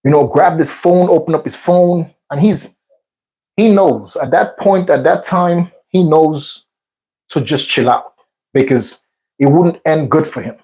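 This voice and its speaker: A man's voice: fairly high pitch, unhurried, darkish tone, poor audio. Man rambling through a story mid-workout. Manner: rambling, repetitive retelling with many fillers. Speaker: vlog host. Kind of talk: casual storytelling during a workout. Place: workout session between sets.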